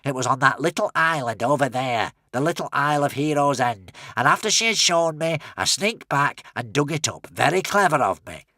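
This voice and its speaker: A man's voice: a little high, animated, normal speed, hardly any pauses, pushed and bright, no room sound, pitched above the performer's own voice. A man reading an audiobook voicing a smug, impatient male villain. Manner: impatient, self-satisfied.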